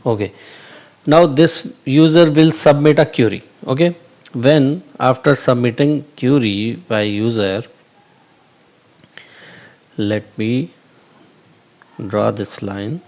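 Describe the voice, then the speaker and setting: A man's voice: medium pitch, slow pace, long pauses, darkish tone, muffled recording. Hesitant man explaining at a whiteboard. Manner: hesitant, many fillers and restarts, repeats "okay". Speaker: channel host explaining AI concepts. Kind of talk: whiteboard tutorial, unscripted.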